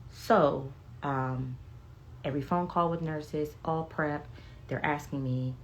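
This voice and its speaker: A woman's voice: deep voice, fairly even intonation, slow, slight background noise. A woman chatting casually on a phone livestream, telling stories candidly and bluntly with profanity and reading viewer comments aloud. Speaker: beauty vlogger sharing health updates.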